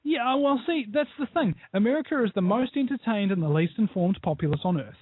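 A man's voice: high-pitched, fairly quick, slight background noise. Opinionated New man on a tinny call. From New Zealand. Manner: opinionated, digressive, animated. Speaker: guest, radio show host. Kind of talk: call-in interview over Skype. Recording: tinny dry internet call line.

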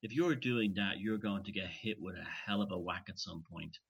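A man in casual conversation, emphatic and opinionated, pausing and restarting as he thinks. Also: deep voice, gravelly, husky. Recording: dull lo-fi recording.

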